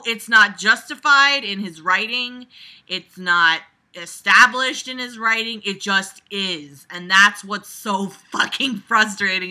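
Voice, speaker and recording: A woman's voice: mid-range voice, bright, forceful tone. A woman reading a book aloud and breaking off into profane, exasperated, sarcastic commentary. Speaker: reader mocking a book. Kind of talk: comedic read-through with commentary.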